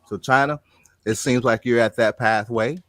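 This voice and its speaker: A man hosting a casual chat, telling a story in an animated way and loudly acting out what people said. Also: medium pitch, moderate pace, no echo. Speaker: show host.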